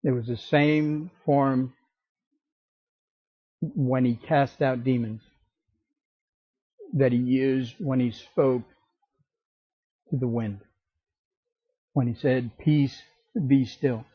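Slow, emphatic preaching man, husky voice. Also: mid-range voice, steady tone, no echo, highs cut off. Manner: slow, emphatic preaching that acts out scripture quotes. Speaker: pastor. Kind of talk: sermon.

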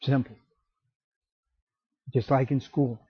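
A man preaching a sermon as pastor, slow and emphatic, acting out the scripture quotes. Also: mid-range voice, steady tone, slightly rough, no echo, lo-fi sound.

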